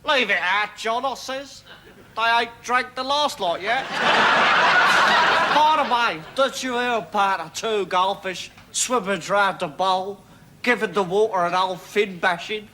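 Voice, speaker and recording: A man's voice: high-pitched, slow pace, heavy background noise. A man playing a crude cockney punk who tells gags, brash and cackling, in a sketch comedy monologue.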